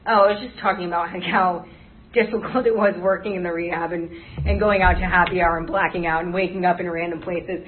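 A woman's voice: fairly low pitch, steady tone, fairly quick, a little hiss or hum. A young adult woman sharing her story at a recovery meeting, rambling with many "like" and "um" fillers. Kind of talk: personal testimony at a meeting. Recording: tinny phone-like recording.

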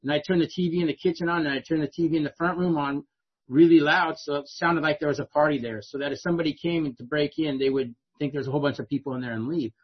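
A man's voice: a little high, fairly even intonation, fast talker, breathy edge, dull audio. A middle-aged man telling his own life story to an audience in a conversational way, often asking "right?". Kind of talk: personal storytelling speech to an audience.

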